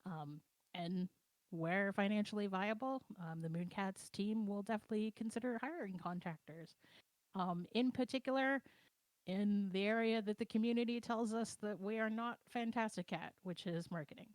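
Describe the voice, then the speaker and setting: A woman co-hosting a casual livestream chat, explaining plans in a relaxed, conversational way from home over a voice call. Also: mid-range voice, normal speed, no room sound. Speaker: project co-owner and co-host. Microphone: computer mic on a voice chat.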